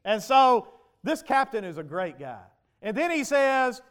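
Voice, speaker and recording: A man preaching a sermon in a notably high voice. He keeps putting questions to his listeners and swings from low, quiet stretches up to loud, emphatic ones. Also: big pitch swings, a little slow. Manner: preaching with rhetorical questions to the congregation, rising to shouts. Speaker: pastor.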